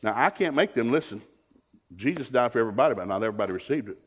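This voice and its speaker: Husky preacher, joking. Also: male voice, medium pitch, very fast. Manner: lively, joking, mimics whiny voices. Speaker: guest preacher. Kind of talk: sermon.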